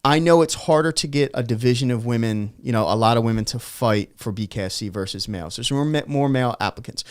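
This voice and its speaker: A man co-hosts a studio podcast and speaks his mind with passion and emphasis. His voice is smooth and resonant at a middle pitch. He gets riled up and lets a curse slip. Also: quick pace. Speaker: podcast co-host. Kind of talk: casual studio chat.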